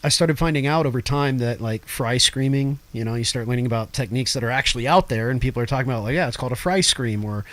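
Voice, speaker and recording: Male guest vocalist, mid-pitched, talkative and laughing easily; casual interview. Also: quick pace, few pauses, no room sound. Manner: laughs often, animated and talkative.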